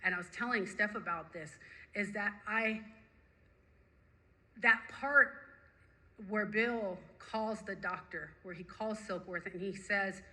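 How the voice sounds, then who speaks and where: Bright-voiced woman telling her recovery story. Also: medium pitch, slow pace, long pauses, rough recording. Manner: animated, emphatic storytelling with repetition. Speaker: recovery meeting speaker. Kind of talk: personal recovery story told to a group.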